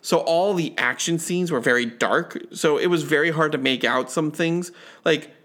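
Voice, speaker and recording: At a moderate pace, a man with a fairly high, slightly bright voice co-hosts a laid-back movie discussion. His chatty speech comes in rambling, stammering bursts with many fillers and restarts.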